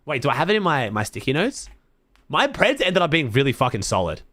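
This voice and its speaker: An excitable Australian man talks casually to his stream chat. His pitch swings widely, and he swears freely. The sound is dry and close. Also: fairly quick, no echo. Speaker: streamer watching a tournament.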